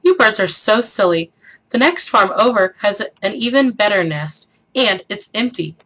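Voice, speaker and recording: A woman's voice: mid-range voice, expressive, normal speed, a bit bright. Jack, a woman voicing an exasperated farmer.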